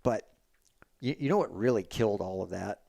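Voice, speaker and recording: A middle-aged man, a former racing champion, telling stories in a relaxed, casual podcast conversation with frequent restarts. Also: on the low side, moderate pace, creaky. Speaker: guest, retired road racing champion.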